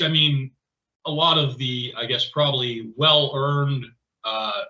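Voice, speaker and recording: A man co-hosting a podcast, chatting casually in an animated, rambling way with lots of fillers. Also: a little high. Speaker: podcast co-host. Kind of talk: casual conversational chat. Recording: roomy, slightly dull podcast audio.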